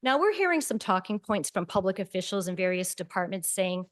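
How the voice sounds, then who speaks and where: A woman's voice: medium pitch, sing-song, fairly quick, few pauses. A woman resident reading a prepared public comment at a city meeting, pointed and at times sarcastic.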